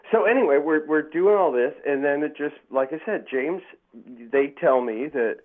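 Speaking at normal speed in a fairly high voice, a man appears as a podcast guest in casual chat, heard through a tinny, phone-like line. His stories ramble and are heavy with swearing, and he acts out the quotes.

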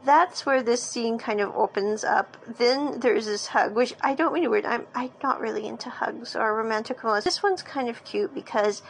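Creaky-voiced woman recapping a drama. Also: fairly high pitch, normal speed, hardly any pauses, poor audio. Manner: chatty storytelling with restarts. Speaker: drama reviewer. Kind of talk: casual episode recap.

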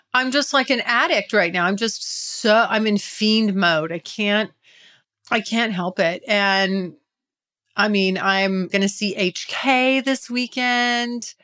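Woman podcast host, candid casual monologue, chatty and giggly, average pitch. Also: fairly bright tone. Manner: chatty, giggly, confessional, addresses listeners directly.

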